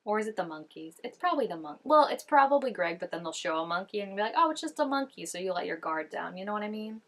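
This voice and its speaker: A woman's voice: medium pitch, lively intonation, fast, fairly bright tone. A young woman hosting a TV reaction video, talking casually and musing aloud, full of "like" and "I don't know". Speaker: TV reaction host.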